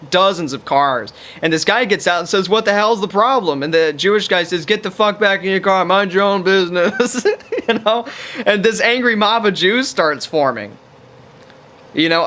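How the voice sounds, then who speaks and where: A man's voice: on the high side, bright, forceful tone. A man talking to camera in a casual ranting monologue, rambling and profane, with lots of fillers. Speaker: vlogger.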